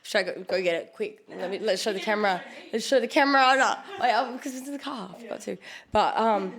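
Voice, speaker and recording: A woman's voice: mid-range voice, quick pace, gravelly. A young Australian woman, a podcast guest, chatting casually, teasing and giggling often. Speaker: guest, karaoke host and skimpy. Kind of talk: casual chat.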